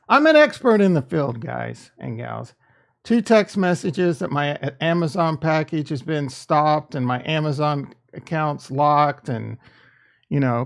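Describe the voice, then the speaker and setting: A man hosts a casual livestream and answers his chat directly, defensive one moment and joking the next. His voice sits a bit high for a man and carries a gravelly fry. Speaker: livestream host reading chat.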